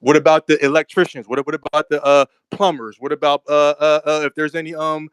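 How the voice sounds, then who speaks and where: An earnest man from Delaware weighs in on an online debate, hesitating and filling his pauses as he searches for words. His voice is smooth and clear at an ordinary male pitch, recorded dry with no room echo. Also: flat delivery. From Delaware, USA. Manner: earnest, hesitant, many fillers. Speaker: debate guest. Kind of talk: casual debate.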